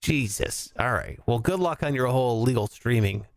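Animated man with lively swooping pitch. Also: moderate pace. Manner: animated, swings into loud excited shouts. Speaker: podcast co-host. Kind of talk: casual banter chat.

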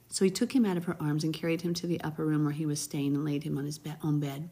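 A woman's voice: low voice, fast talker, hardly any pauses, husky. A woman reading a Bible passage aloud and commenting on it in a chatty, heartfelt way. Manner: warm, chatty, reads scripture with brief emotive asides. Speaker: Bible teacher.

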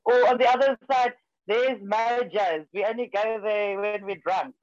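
A woman's voice: medium pitch, measured pace, a little mellow, no echo, highs cut off. A woman from South Africa with an accent mixing South African and American, chatting as a podcast guest who laughs easily. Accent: South African mixed with American. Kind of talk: casual chat.

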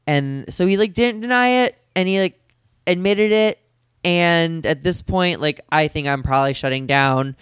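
Man, podcast co-host, smooth clear voice, dry close sound, halting and self-deprecating. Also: on the high side, steady tone, a bit bright, no room sound. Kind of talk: candid personal chat.

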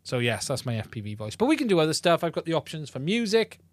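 A man hosting a live-stream podcast in a chatty, rambling way. He speaks a little higher than most men. The sound is dry and close on a podcast mic. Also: sing-song, quick pace, no room sound. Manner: chatty, rambling, with many fillers and restarts. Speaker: podcast host. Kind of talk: casual live-stream chat. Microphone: podcast mic into a mixing console.

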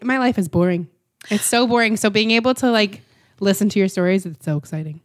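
A young woman co-hosts a casual podcast, backing up her friend with playful comments and easy laughs. Her voice is mid-pitch and relaxed in an everyday way. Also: no echo, clean studio sound. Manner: supportive, playful, quick to laugh. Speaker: podcast co-host. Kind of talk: casual chat.

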